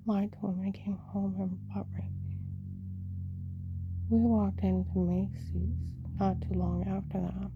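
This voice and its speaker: A woman rambling through a personal story in a monologue, often dropping into a hushed whisper. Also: medium pitch, level tone, unhurried, gravelly, long pauses, phone-quality sound, music in the background. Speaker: storyteller recounting her own life.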